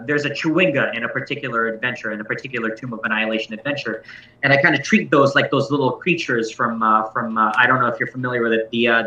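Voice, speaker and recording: A man's voice: medium pitch, sharp tone. A man who runs tabletop games, giving a casual, thoughtful talk and explaining his methods at a convention. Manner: thoughtful, explanatory, self-correcting. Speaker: game master giving a talk. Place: convention room. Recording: echoey, distant, dull sound.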